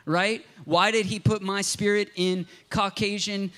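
A man's voice: high-pitched, steady tone, a little slow, bright, forceful tone. A man from Southern Ohio, a pastor preaching a sermon in an impassioned, conversational storytelling way.

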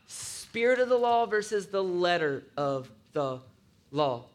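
Pastor guy giving a sermon, real conversational, keeps checking in with the crowd, bright voice. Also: high voice, very animated, slow. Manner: conversational, asks listeners to agree; acts out grumbling voices in asides.

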